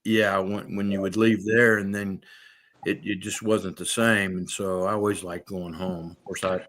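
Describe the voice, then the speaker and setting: An older man, a former coach, softly reminiscing about his home town. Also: sits low, little pitch movement, normal speed.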